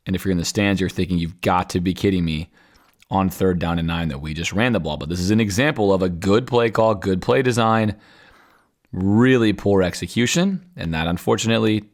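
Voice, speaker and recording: Guy with a deep voice walking thru football film, chatty and analytical. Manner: conversational, analytical, talks the viewer through plays. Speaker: podcast host.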